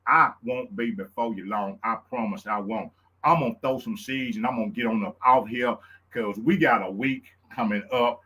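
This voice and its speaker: A man with a Louisiana Southern accent hosting his own live show, hyped and preacherly, repeating lines and whooping up high. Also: moderate pace, sharp tone, slightly rough. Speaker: show host. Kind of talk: excited live-stream talk.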